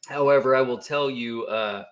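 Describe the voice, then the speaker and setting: A man's voice: medium pitch, moderate pace. Playful joking man co-hosting a livestream. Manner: joking, playful, slips into silly voices. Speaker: co-host reading viewer chats. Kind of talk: casual livestream banter.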